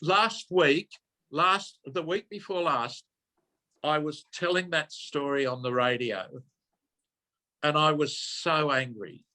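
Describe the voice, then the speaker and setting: A man's voice: a little high, slow, bright, forceful tone. An older man, a minister telling a personal story in an earnest way, often repeating and correcting himself. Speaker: minister giving a talk.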